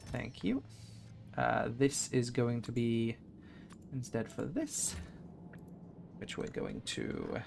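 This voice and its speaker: A man's voice: medium pitch, gravelly, slight background noise. A man streaming a game live, rambling and thinking aloud with many fillers. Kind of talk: live gameplay commentary.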